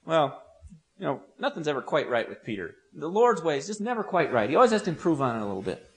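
A man's voice: fairly high pitch, sing-song, fast talker. A man preaching an expository sermon, telling the story vividly with humorous asides.

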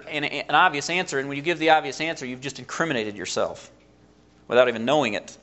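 A man preaching a sermon, retelling a story in an animated way and acting out the quotes. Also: a little high.

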